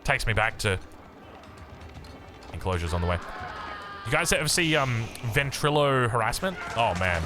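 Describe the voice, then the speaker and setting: An Australian man commentating a strategy game match in an excitable, chatty way, joking and digressing as he goes. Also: mid-range voice, moderate pace, long pauses, music in the background. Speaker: game caster.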